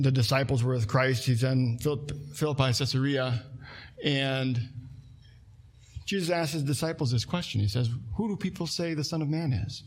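A man preaching a sermon from the pulpit with a slightly higher than usual voice. He reads scripture aloud and presses his congregation with earnest, direct questions. His delivery is that of a pastor speaking to his church. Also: husky.

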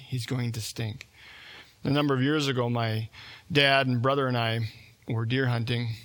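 A man's voice: medium pitch, fairly bright tone. A man preaching a sermon in a conversational storytelling way, acting out the voices of the people in the story. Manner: conversational, acts out quoted voices.

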